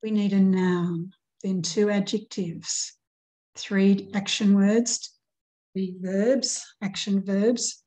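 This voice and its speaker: A woman teacher giving a recorded grammar lesson, reading example poems aloud and counting out syllables deliberately. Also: mid-range voice, steady tone, mellow, rough recording.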